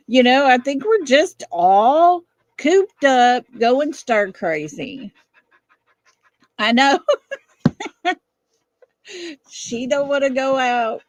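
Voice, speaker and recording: A woman in her fifties hosting a casual livestream from her home, chatting with viewers and breaking off to calm her dog. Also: mid-range voice, no echo. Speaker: livestream host. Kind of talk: casual live chat with viewers. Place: home, indoors.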